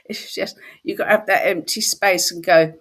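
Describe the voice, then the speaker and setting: A woman who hosts spiritual workshops, chatting casually and telling stories with lively quoted voices. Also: fairly low pitch, moderate pace. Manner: animated storytelling, slips into quoted voices. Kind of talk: casual chat.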